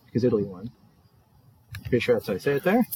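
A man's voice: mid-range voice, big pitch swings, quick pace, a little mellow, slightly rough, no room sound. A man co-hosting a podcast, trading wry jokes and banter in a casual chat. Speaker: podcast co-host.

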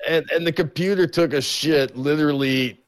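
A man co-hosting a live stream, reading viewer gifts and messages aloud in a relaxed way and laughing along. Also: fairly high pitch, moderate pace. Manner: reads names and donations in a plain, laid-back way, laughs often. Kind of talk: casual live-stream banter.

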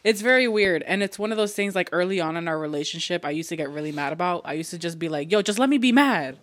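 A woman's voice: on the low side, steady tone, fast, a bit bright. A woman co-hosting a podcast with her partner, telling stories animatedly and laughing through her lines. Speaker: podcast co-host. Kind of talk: casual couple chat.

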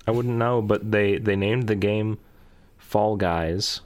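A man with a somewhat low voice, chatting casually as a podcast co-host. He rambles, restarts and laughs easily while talking things through. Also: slow. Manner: relaxed, rambling, laughs often. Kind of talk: casual chat.

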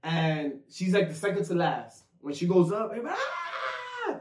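A young man telling stories in a casual podcast chat, animated and laughing, acting out loud exclamations. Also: on the high side, normal speed, a little hiss or hum. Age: young adult. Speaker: podcast co-host. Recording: echoey room, mic far off.

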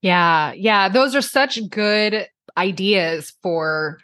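A woman's voice: medium pitch, lively intonation, drawn-out words, a bit bright, no echo, studio quality. A woman hosting a podcast interview, encouraging and affirming her guest as she asks questions. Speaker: podcast host.

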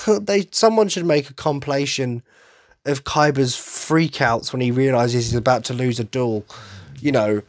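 A man's voice: medium pitch, dry recording, clean studio sound. A young man, gushing enthusiastically in a casual solo podcast monologue. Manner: enthusiastic fan gushing, quick asides. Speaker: podcast host.

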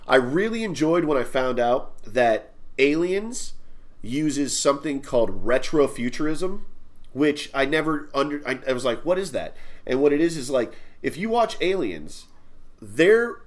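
A man's voice: a little high, lively intonation, unhurried. Man, podcast host, casual chat, rambling, swears a lot, fillers and restarts.

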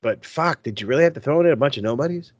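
A man's voice: mid-range voice, expressive, racing, breathy edge, dry recording, muffled recording. Profane, emphatic man in dry close sound. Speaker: podcast co-host. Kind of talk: casual wrestling chat.

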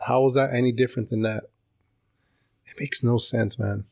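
A man co-hosting a podcast chats in an easygoing, agreeable way, sprinkling in dude and bro. His voice sits at a mid pitch, recorded dry and close. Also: fairly even intonation, moderate pace, vocal fry, a little mellow, no room sound. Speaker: podcast co-host. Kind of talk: casual chat.

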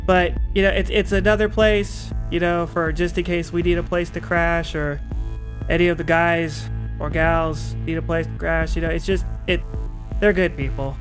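A man's voice: a little high, steady tone, normal speed, soft background music. A man playing a tabletop game, talking in character in a drawling, rambling way. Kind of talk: in-character role-play.

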